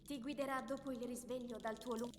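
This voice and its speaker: A woman voicing a calm, mysterious female guide in a video game, speaking softly and solemnly. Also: fairly high pitch, quick pace, a little hiss or hum, natural voice. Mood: solemn guiding. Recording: echoey game audio with long reverb.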